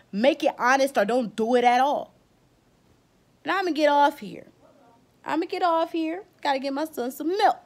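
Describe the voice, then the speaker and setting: A woman beauty vlogger giving a blunt, emotional rant in casual slang, close to tears. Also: sits high. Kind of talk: heated vlog rant.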